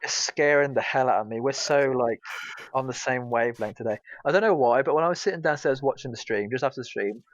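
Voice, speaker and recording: A man's voice: medium pitch, fast, no room sound. A British man co-hosting a gaming podcast, rambling casually with lots of hesitations and fillers. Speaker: podcast co-host. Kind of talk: casual chat. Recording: dull, dry lo-fi mic.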